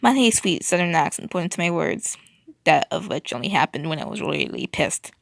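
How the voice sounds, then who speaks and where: Gravelly woman reading fan fiction aloud. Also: sits low, animated, normal speed, no room sound, studio quality. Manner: stumbling, restarting, wry.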